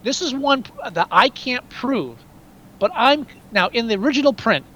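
A man with a notably high voice chats about a movie in loose, casual talk. His pitch leaps all over, and he swears freely and keeps cutting himself off. Now and then he breaks into a laugh. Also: moderate pace, highs cut off. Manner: animated, profane, trails off and restarts, laughs often. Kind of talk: casual film discussion.

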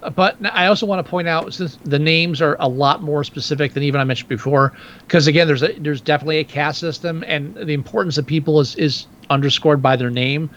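Co-host, man, wry joker, slightly high voice, dull lo-fi sound. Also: fast talker, a bit bright. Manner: joking, wry, laughs at own remarks. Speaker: podcast co-host. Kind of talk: casual film discussion.

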